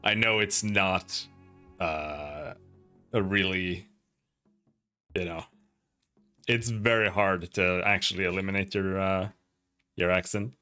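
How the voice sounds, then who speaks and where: A young Swedish-accented streamer chats and rambles casually on a gaming livestream, swearing now and then. His low, steady voice is slow, with frequent pauses, and sounds sharp, clear and resonant, with faint music behind it.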